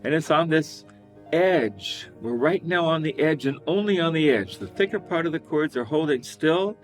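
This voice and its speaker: Male singing teacher, lively pitch, jumps into high falsetto demos, light guitar underneath. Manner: animated, demonstrates with high falsetto whoops and laughs. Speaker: vocal coach. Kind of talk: singing lesson with sung demonstrations.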